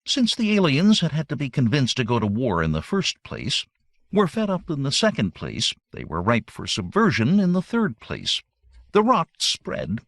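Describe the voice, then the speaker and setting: Male audiobook narrator, gravelly, swooping pitch, wry comic read. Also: dry recording, clean studio sound. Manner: wry, animated storytelling with acted character voices.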